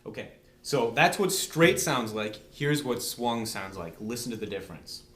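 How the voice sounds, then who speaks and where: A man's voice: mid-range voice, lively intonation, moderate pace. A man teaching drums step by step in a patient, conversational way, often checking in with "okay?". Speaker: drum teacher. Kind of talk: step-by-step instructional demonstration. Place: room with a drum set. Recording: echoey room.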